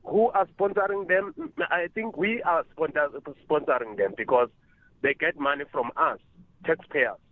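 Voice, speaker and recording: A man's voice: a little high, moderate pace, dry recording. A man with a South African accent calling in to a radio show, complaining in an indignant, emphatic way. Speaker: caller. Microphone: phone. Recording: tinny phone line.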